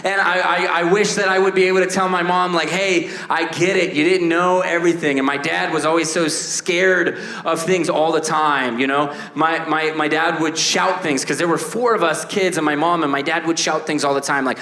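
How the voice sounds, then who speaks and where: A man in his thirties doing a stand-up comedy set, animated, acting out voices and shouting punchlines. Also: a little high, normal speed, hardly any pauses, echoey room. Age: 30s. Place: stage before a laughing audience.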